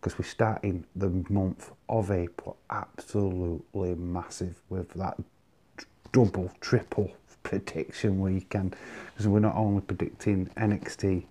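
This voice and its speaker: A man's voice: low voice, little pitch movement, unhurried, mellow. A man hosting his own vlog, chatting casually and confidently giving his predictions. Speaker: wrestling vlog host. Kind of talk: casual solo commentary.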